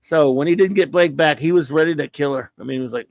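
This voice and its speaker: A man's voice: fairly high pitch, quick pace, vocal fry, dry recording. A man talking casually as a guest, rambling enthusiastically and acting out quoted dialogue. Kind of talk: casual chat.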